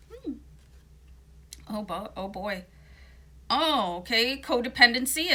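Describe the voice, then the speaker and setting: Woman tarot reader, bright forceful tone, slight morning voice, talks in a loose, reassuring way. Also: a little high. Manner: chatty, reassuring, many fillers. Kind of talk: casual tarot card reading.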